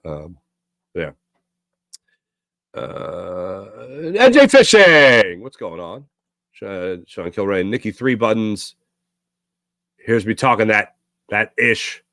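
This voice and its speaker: A man's voice: fairly low pitch, fairly even intonation, slow, pauses often, pushed and bright, no echo, studio quality. A man hosting a sports talk show, ranting sarcastically and casually while reading viewer comments. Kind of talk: casual live-stream chat reading comments.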